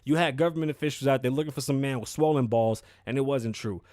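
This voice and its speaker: A man hosting his own podcast, riffing on the news in a loud, profane, emphatic way. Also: mid-range voice, fast, no room sound, studio quality. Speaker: podcast host. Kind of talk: casual news commentary.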